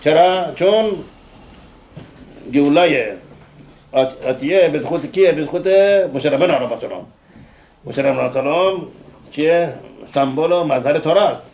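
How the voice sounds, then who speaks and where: A man, a rabbi, delivering a eulogy sermon in rapid, emphatic bursts with frequent hesitations. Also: a little high, a little mellow, slight background noise, low-quality recording.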